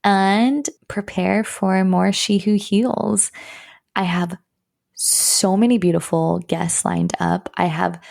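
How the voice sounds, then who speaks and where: A woman's voice: on the low side, vocal fry, a little mellow. A young woman hosting a solo podcast, talking in an upbeat, encouraging way about healing work and her upcoming programs. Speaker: podcast host and healer.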